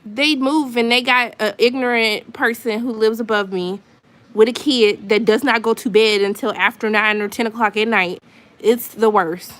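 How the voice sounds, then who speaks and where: Woman, higher pitch, casual live-stream vlogger at home, exasperated venting. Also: fairly even intonation, moderate pace, fairly bright tone. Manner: venting, exasperated, chatty with asides. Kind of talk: casual chat to viewers. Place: her apartment at home.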